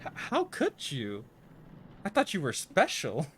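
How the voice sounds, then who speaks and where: A young man livestreaming a horror game, talking to his chat in a jittery, nervous way and often trailing off into quiet mumbles. His voice sits a little high for a man. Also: wildly swooping pitch, unhurried, slight background noise. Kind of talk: casual live commentary while playing a horror game.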